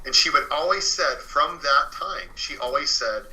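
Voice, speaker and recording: Man with a sharp bright voice, earnest storyteller. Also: fairly high pitch, moderate pace, rough recording. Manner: earnest and conversational, many fillers. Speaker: author and interview guest. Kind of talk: telling a true paranormal story in an interview.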